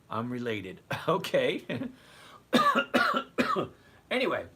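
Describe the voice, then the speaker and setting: A man in his sixties hosts a loose livestream chat and drifts from one point to the next, calling on viewers by name as he goes. His voice is bright and forceful, and it sits at a middling pitch. A faint hum of background noise runs under it. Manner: rambling, digressive, chatty, addresses viewers by name. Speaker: trading livestream host. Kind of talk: casual livestream chat answering viewer questions.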